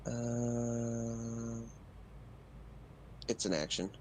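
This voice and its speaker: A man's voice: mid-range voice, fairly even intonation, drawn-out words, slight background noise, poor audio. A man playing a tabletop game, playfully and vividly describing his moves. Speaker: player. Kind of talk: casual tabletop game chat.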